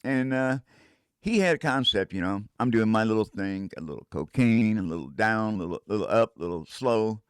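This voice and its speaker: A man's voice: on the low side, animated, a little fast, clear, resonant tone, dry recording, clean studio sound. Older man telling a rambling tale. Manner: rambling, with laughs and vocal sound effects. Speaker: storyteller. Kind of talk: casual first-person storytelling.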